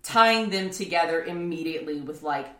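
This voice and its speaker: A woman's voice: deep voice, normal speed, pushed and bright. A woman co-hosting a podcast, chatting casually about an anime, rambling with many restarts and laughs. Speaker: podcast co-host. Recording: roomy echo.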